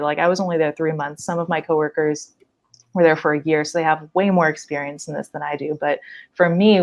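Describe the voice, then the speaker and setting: A young wildlife biologist, appearing as a podcast guest, tells an animated story in casual conversation, peppering it with "like" and quick laughs. Her voice is low and the audio sounds dull.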